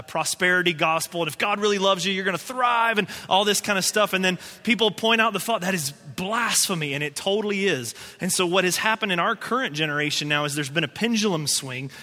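A man's voice: high voice, pushed and bright, in a large hall. A male pastor preaching a sermon in a conversational way, acting out quotes and voices as he goes.

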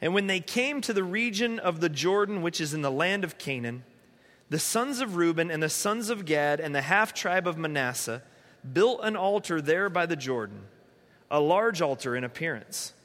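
A man's voice: on the high side, expressive, moderate pace, fairly bright tone. A man preaching a sermon in an earnest, conversational way, pleading at times. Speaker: pastor. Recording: long hall reverb.

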